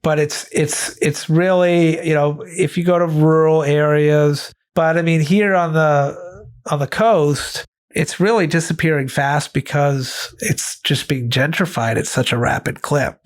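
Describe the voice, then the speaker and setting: A man's voice: fairly high pitch, fairly even intonation, measured pace. A man from Maine with a neutral American accent, chatting casually as an interview guest, rambling and correcting himself as he goes. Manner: rambling, self-correcting, laughs often. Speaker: guest comedian.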